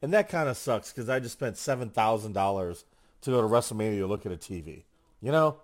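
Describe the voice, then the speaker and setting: A man's voice: on the low side, fast, dry recording. A man co-hosting a casual chat show, telling stories with energy and acting out other people's lines. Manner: animated storyteller, acts out quotes. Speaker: podcast co-host.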